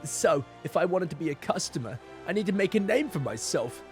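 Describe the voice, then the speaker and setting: Earnest, polite game adventurer, read by a man, high and animated. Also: a little fast, faint music behind.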